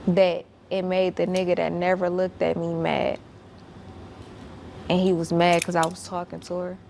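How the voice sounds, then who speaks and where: A woman's voice: fairly low pitch, monotone, normal speed, vocal fry, a little mellow, slight background noise. A woman telling a story as a guest. She speaks bluntly and emphatically, swears a lot, and repeats herself when worked up.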